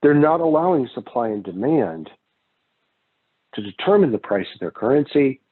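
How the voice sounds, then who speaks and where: A man lectures on economics in a loose, conversational way and often wanders into stories from his own travels. His voice is husky. The recording sounds thin and phone-like. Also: mid-range voice, big pitch swings, normal speed. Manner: casual, digressive, with personal anecdotes. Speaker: economics instructor.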